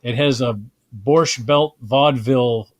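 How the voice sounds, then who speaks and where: A man hosting a casual comedy talk show, talking in halting bursts with frequent restarts. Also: mid-range voice, dry recording, clean studio sound. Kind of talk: casual chat.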